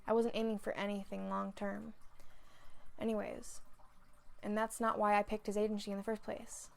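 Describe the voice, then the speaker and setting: A woman voicing a stubborn teenage girl hero who turns quiet and apologetic, in a fan story reading. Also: mid-range voice, level tone, normal speed, vocal fry, natural voice. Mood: calm, firm. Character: stubborn teenage heroine, tearful and shaken.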